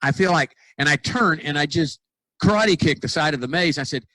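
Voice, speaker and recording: A dentist and consultant telling stories in a casual podcast conversation, acting out dialogue with lots of restarts. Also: male voice, a little high, fairly quick, no echo, rough recording. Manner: animated storyteller, acts out quoted dialogue; frequent restarts and repeated words. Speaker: dentist and practice consultant guest.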